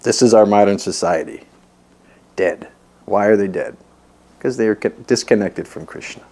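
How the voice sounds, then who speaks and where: Low-voiced guy, kinda gravelly, chatty storyteller who laughs a lot. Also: moderate pace, darkish tone. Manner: chatty, laughs while telling stories. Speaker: devotee recalling memories. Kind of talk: casual anecdote.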